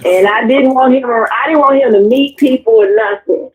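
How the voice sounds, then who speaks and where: A woman's voice: fairly high pitch, normal speed. A woman on a discussion panel, telling candid personal stories in casual chat. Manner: candid, animated storyteller. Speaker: panel guest. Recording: tinny phone-like audio.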